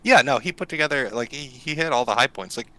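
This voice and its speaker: A man in casual conversation, talking loosely with frequent fillers and quick laughs. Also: medium pitch, expressive, sharp tone, rough recording. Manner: chatty, laughs often, lots of fillers. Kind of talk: casual chat.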